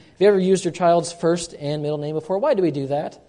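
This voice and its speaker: A male pastor delivers a sermon in a fairly high, mellow voice. He hammers each point home by saying it twice, rising in volume and then dropping low. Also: a little fast. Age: young adult or middle-aged, a parent. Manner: emphatic preaching, repeats key lines, swings loud and soft.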